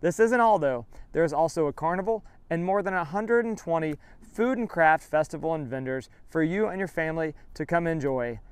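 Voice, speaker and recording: A man's voice: a little high, expressive, brisk, smooth, dry recording. A man hosting a real estate vlog, narrating outdoors by a railroad station in a lightly self-mocking way. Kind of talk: scripted tour narration.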